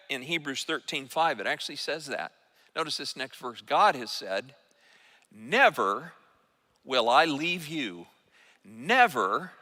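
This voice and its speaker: An older man preaching a sermon as pastor, earnest and emphatic, with halting restarts. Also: mid-range voice, bright, forceful tone, in a large hall. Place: church sanctuary.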